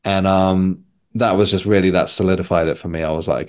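A man's voice: low-pitched, fairly even intonation, brisk, darkish tone, clean tone. A man from England, a podcast guest, telling a personal story in a loose, rambling way with frequent restarts. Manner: rambling, self-correcting storyteller. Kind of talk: casual conversation.

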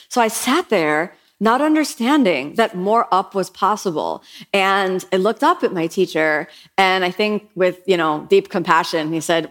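A middle-aged woman teaching yoga, speaking in an earnest, reflective way and acting out her own past thoughts in lively quoted lines. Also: mid-range voice, normal speed. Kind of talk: motivational talk.

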